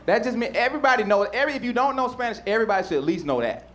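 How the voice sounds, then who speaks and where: A man doing stand-up, animated and mocking. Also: very high voice, racing. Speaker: stand-up comedian. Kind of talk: stand-up comedy.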